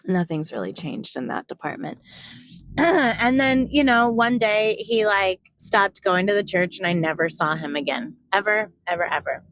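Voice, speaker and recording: A young woman vlogger telling a candid personal story, frank and animated, swearing freely and acting out what people said. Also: mid-range voice, a little slow, no room sound, low-quality recording.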